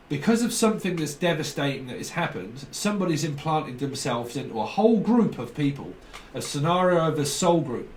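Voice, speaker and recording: Rambling male tarot reader, roomy and distant. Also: a little high. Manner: rambling, free-associating, repeats himself. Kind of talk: casual spoken tarot reading. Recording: roomy echo, distant mic, faint background noise.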